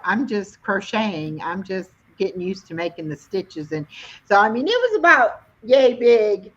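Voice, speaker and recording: A middle-aged woman hosts a casual live chat, talking easily and poking fun at herself. Her voice sits at a middle pitch, and the stream audio sounds dull and lo-fi. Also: sing-song, moderate pace, a bit bright. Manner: chatty, self-deprecating storyteller. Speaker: host of a weekly live stream.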